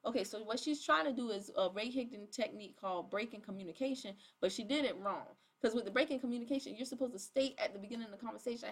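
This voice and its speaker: A woman's voice: fairly high pitch, quick pace, few pauses. A woman, chatting in a casual vlog as a network marketing coach and reading out chat messages. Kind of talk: casual talking-head vlog.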